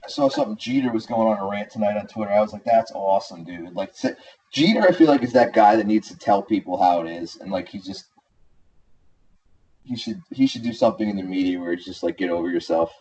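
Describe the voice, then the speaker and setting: A man's voice: fairly low pitch, lively intonation, fast talker, warm tone, husky. A man co-hosting a podcast in casual sports chat, ranting animatedly and calling people "dude" and "bro.". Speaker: podcast co-host. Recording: dull lo-fi sound.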